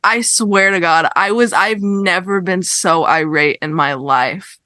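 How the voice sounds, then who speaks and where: A young woman co-hosting a podcast, telling a story in casual chat, animated and exasperated, swearing as she rants. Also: fairly low pitch, unhurried, no echo. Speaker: podcast co-host.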